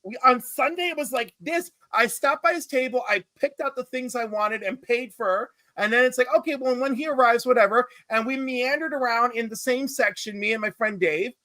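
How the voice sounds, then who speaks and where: Bright, animated campy man telling stories. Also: normal speed, few pauses, dry recording. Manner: campy storyteller, acts out quotes with big pitch jumps. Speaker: podcast co-host. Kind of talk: animated casual chat.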